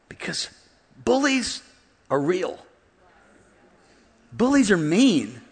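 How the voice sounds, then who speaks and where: A male pastor preaching a comedic sermon from the United States, swinging from hushed storytelling to loud shouted preaching in a large church auditorium. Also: fairly high pitch, sing-song, very slow, long pauses, breathy edge. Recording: long hall reverb.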